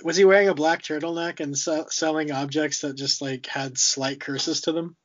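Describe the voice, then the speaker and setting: A man's voice: on the high side, steady tone, moderate pace, slight background noise. A man hosting a podcast in easygoing casual chat, laughing along and wrapping up, on muffled lo-fi audio. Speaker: podcast host.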